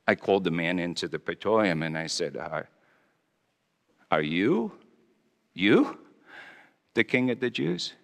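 A male pastor preaching a dramatic first-person monologue, speaking in character as a Roman governor with a theatrical, halting delivery. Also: low-pitched, sing-song, gravelly, a bit bright. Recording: long reverb of a large hall.

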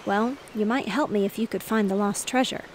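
A woman's voice: medium pitch, fairly quick, slight background noise, lightly acted, poor audio. Woman reading an injured old sailor, weak and faltering, with faint waves behind. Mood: mournful. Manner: faltering, dazed.

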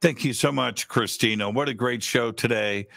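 A man's voice: mid-range voice, normal speed, vocal fry, fairly bright tone, no room sound. A man co-hosting a live stream, chatting in a jokey, rambling way. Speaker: co-host. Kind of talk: casual live-stream chat.

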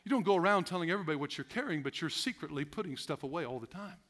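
A male pastor preaching a sermon, animated, laughing often and acting out the voices of stressed people. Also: fairly high pitch, very fast. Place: church sanctuary.

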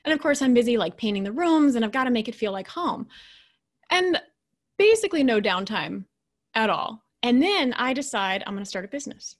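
A woman in her thirties or forties giving a motivational talk as a keynote speaker, telling a personal story in a conversational, animated way with quiet, hushed asides. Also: a little high, fairly quick. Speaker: keynote speaker and leadership coach.

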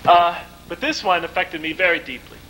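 A man giving a lecture, telling stories in a vivid, animated way. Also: high-pitched, moderate pace, a little hiss or hum, rough recording. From United States. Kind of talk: storytelling lecture.

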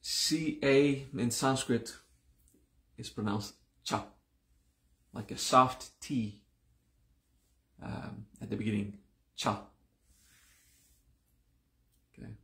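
A man leads a class at an unhurried pace, saying each term slowly and then repeating it. His voice is gravelly and a little groggy, as if he just woke up. The room around him has a clear echo. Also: medium pitch, a bit bright. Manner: slow and deliberate, repeating terms several times. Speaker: yoga teacher. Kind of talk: live-streamed class teaching.

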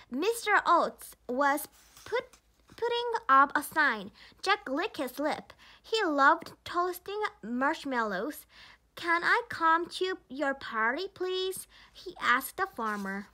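A woman's voice: high voice, very animated, takes it slowly, pushed and bright. A woman with a Korean accent, a native Korean speaker, reading a children's storybook aloud carefully, with small slips and restarts.

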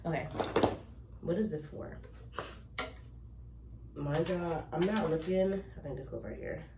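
Close to crying, a woman with a low-pitched, measured voice unboxes a label printer on her vlog, talking casually to camera in a rambling way full of restarts and effusive gratitude. The audio comes from a cluttered home room: noisy, echoey, mic far away.

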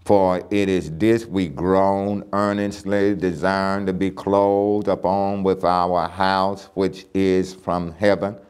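A man's voice: sits low, a little mellow, clean tone. A man teaching a church Bible lesson, emphatic and repeating key phrases as he reads scripture aloud.

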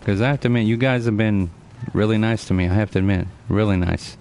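Earnest streamer man in his forties, lowish voice. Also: quick pace, a little mellow, a little hiss or hum. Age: 40s. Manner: earnest, lecturing, repeats himself, addresses chat by name. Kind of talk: casual live-stream chat.

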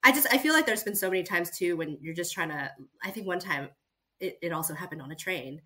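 Bright, animated woman hosting a podcast. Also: lowish voice, quick pace. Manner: animated, emphatic. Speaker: podcast host. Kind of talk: casual conversation.

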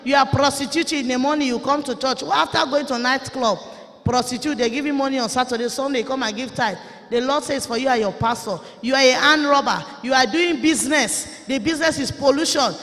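A Nigerian woman preaches a fiery sermon in a very high, piercing voice. She is forceful and often breaks into shouting. A long hall reverb trails every word. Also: a little fast.

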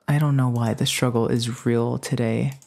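A woman streaming a strategy game live, teasing her chat in a playful, excitable way. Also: rumbling low, normal speed, gravelly. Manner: excitable outbursts. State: just woke up. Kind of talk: casual live gaming commentary.

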